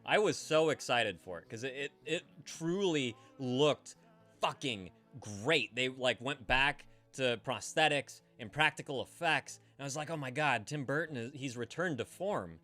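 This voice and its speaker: A man's voice: medium pitch, measured pace, pushed and bright, faint music behind. A man hosting a casual live-stream call-in show, rambling and profane, stammering and restarting as he chats with viewers.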